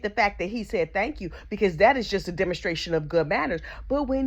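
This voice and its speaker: A woman's voice: medium pitch, lively intonation, fairly quick, few pauses. A woman telling a comedic gossip story, chatty and sassy, full of mock outrage and asides to the listener. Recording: slightly dull lo-fi audio.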